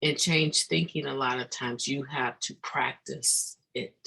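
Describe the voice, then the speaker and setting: A recovery meeting speaker giving an earnest, reflective daily meditation talk, halting and restarting mid-thought with sudden emphatic bursts. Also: mid-range voice, fairly even intonation, gravelly, pushed and bright, husky, poor audio.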